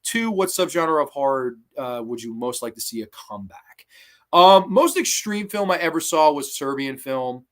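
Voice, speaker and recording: A man hosting a live horror channel stream, answering viewer questions in a relaxed, rambling way with many ums, restarts and the odd swear word. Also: a little high, normal speed.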